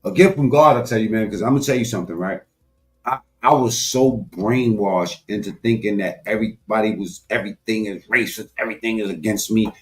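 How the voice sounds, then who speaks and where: A man giving a profane, animated political commentary rant, talking straight to his viewers with sudden loud swings. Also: fairly low pitch, a little fast. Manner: animated, loud swings, heavy swearing, talks to viewers directly.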